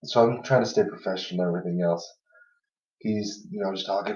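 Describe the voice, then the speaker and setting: A man's voice: fairly low pitch, steady tone, moderate pace, mellow. A man chatting on a podcast, telling funny stories from an old job, laughing between lines and leaning on fillers like "you know". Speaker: podcast host. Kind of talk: casual storytelling chat. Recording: echoey room, far from mic, dull lo-fi sound.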